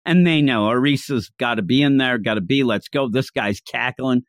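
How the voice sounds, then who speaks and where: A man co-hosting a casual chat about a story he is reviewing. He is animated and acts out the scenes in funny voices. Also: medium pitch, normal speed, dry recording. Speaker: podcast co-host.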